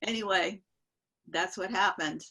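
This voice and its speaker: An older woman with a bright, forceful tone and a husky edge, telling a long story on a video call. She wanders, restarts her sentences and chuckles between the lines. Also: mid-range voice, a little slow, rough recording. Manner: rambling, self-interrupting, laughs while telling. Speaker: guest storyteller. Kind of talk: casual spoken storytelling.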